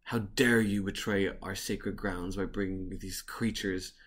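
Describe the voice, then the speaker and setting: A man's voice: deep voice, steady tone, a little slow, a bit bright. A man voicing a stern, bearded, horned creature who leads a village and speaks in a commanding, accusing way.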